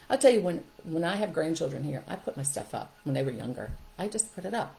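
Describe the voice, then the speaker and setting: A woman's voice: sits low, lively intonation, quick pace, gravelly, few pauses, rough recording. Chatty older woman giving parenting advice. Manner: warm, chatty, laughs often, reads viewer comments aloud. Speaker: host. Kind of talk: live parenting advice talk.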